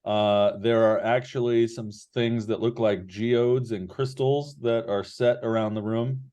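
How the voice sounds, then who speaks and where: A man narrating as game master in an online tabletop game, relaxed and rambling with many fillers. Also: medium pitch, measured pace.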